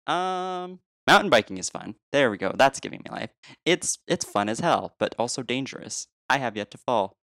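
Gravelly, chatty podcast co-host man. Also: medium pitch, animated, normal speed, fairly bright tone, no room sound, studio quality. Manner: chatty, rambling, laughs often. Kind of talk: casual chat.

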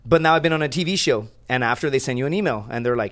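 Dude rattling off crude stories super fast, swears a lot. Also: male voice, mid-range voice, fairly bright tone. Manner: rapid, profane storytelling with acted-out quotes. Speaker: guest, reality show contestant. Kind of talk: casual podcast chat.

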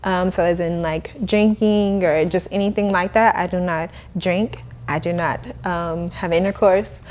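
A young adult woman, a podcast guest who runs a cleaning business, telling her story in a casual, animated way with frequent laughter. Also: lowish voice, a little slow, a little hiss or hum. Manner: animated, laughing, acts out quoted voices.

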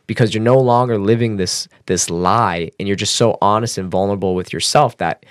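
A man telling a personal story as a podcast guest, casual and animated, swearing and using fillers. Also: brisk, no echo, clean studio sound. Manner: animated, acts out quotes with raised pitch.

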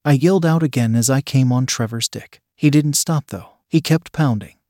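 A man reading an adult story aloud, with a steady, unhurried delivery. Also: medium pitch, no room sound, studio quality. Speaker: story reader.

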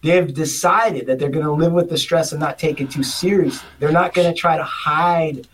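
A man's voice: fairly high pitch, fairly even intonation, normal speed, a bit bright, recorded from a distance, slight background noise. A man co-hosting a casual podcast, telling rambling stories with many restarts and acting out other people's lines. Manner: rambling storyteller, acts out others in funny voices. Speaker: podcast co-host. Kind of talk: casual chat.

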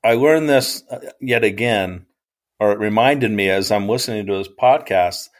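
A man's voice: on the low side, normal speed. Rambling, hesitant man podcast co-host. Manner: rambling, hesitant, full of ums. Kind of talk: casual chat recap.

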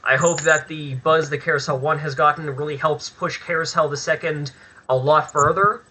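A man's voice: a little high, fairly even intonation, normal speed, pushed and bright, slightly rough, rough recording. A man talking as a guest on a casual podcast interview, candid and chatty, swearing freely. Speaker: podcast guest, filmmaker and actor.

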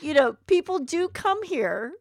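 A middle-aged woman in a casual chat, backing up the other speaker with quick agreement and laughs. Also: sits high, very animated, dry recording. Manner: supportive, chimes in with agreement and laughs. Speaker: podcast co-host, mother of the other host.

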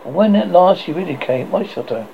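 A man's voice: high-pitched, lively intonation, fairly quick, creaky, dull audio, slight background noise, voice pushed up. A man voicing a trembling, guilt-struck boy. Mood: remorseful. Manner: earnest, trembling. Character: solemn, guilt-struck young boy archer.

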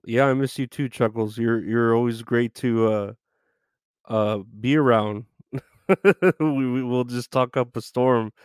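A man's voice: medium pitch, steady tone, measured pace, clear, resonant tone, no echo. A man hosting a live stream, greeting viewers by name in loose, profane chat with frequent laughs.

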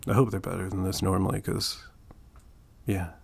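A man's voice: low-pitched, level tone, moderate pace, gravelly, slight background noise. A man hosting a casual podcast, rambling with lots of fillers and restarts, his voice stuffy from allergies. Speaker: podcast host.

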